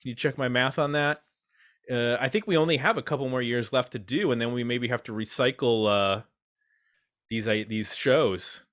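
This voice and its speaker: A man's voice: mid-range voice, normal speed, fairly bright tone. A man hosting a casual podcast roundtable, chatty and self-deprecating as he introduces his guests. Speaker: podcast host.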